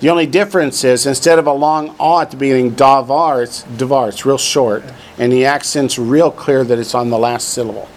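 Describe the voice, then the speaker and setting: A man's voice: mid-range voice, fairly even intonation, fairly quick, few pauses. A man teaching a class from a textbook, drilling vocabulary and adding dry joking asides. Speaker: Hebrew teacher. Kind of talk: classroom lesson, reading from a textbook.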